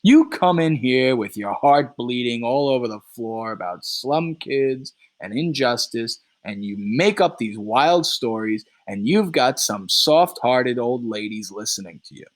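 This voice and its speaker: A man reading a play aloud and voicing a furious, bullying middle-aged male juror who shouts and rants. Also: medium pitch, lively intonation, measured pace, hardly any pauses, natural voice. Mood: ranting. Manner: shouting, ranting.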